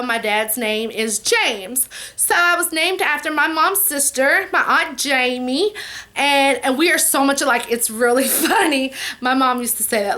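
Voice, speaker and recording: A woman's voice: sits high, unhurried. A woman, chatting casually to camera while answering viewer questions. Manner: chatty, warm-hearted, says "y'all" and "you know" often. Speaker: vlogger.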